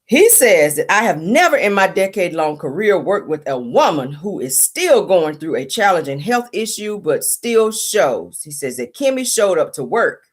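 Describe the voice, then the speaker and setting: A woman's voice: fairly low pitch, big pitch swings, normal speed, hardly any pauses, slightly rough. A woman hosting a casual celebrity gossip show in a sassy, chatty way, calling her listeners honey and child, still sleepy from just waking up. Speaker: host.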